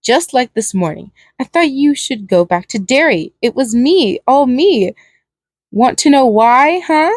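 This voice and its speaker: A woman reading as a scared young partner who pleads and stammers through tears in a storybook reading. The voice sits a bit high and sounds close and dry. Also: lively intonation, measured pace, no echo. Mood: anxious, pleading.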